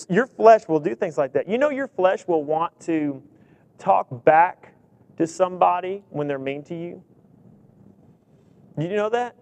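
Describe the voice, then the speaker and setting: High-voiced man preaching a sermon. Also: darkish tone. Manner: humorous, asks the congregation many questions; reads scripture aloud.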